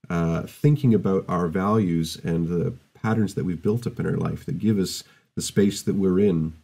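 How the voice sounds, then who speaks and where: A middle-aged man gives a university open day talk in a deep, warm voice. He is measured and thoughtful, pausing with ums and restarting phrases as he explains his subject. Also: creaky. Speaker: university lecturer. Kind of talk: recorded open day presentation.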